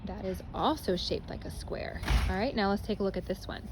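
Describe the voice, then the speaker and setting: A woman's voice: medium pitch, brisk, background noise. A cheerful young woman teaching a casual math lesson to children, chatting to them as she films with a phone in one hand. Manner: cheerful, chatty, addresses kids as guys. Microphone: phone held in hand.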